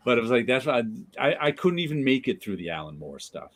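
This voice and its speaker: A man hosting a casual chat about comic books, laughing often and restarting his sentences when excited. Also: mid-range voice, fast talker, few pauses. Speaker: podcast host.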